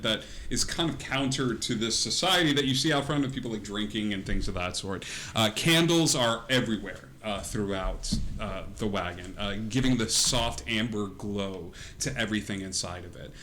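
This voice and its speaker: A man narrating a tabletop game as game master, with lively delivery and frequent laughter as he slips into characters. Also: on the low side, normal speed, slight background noise.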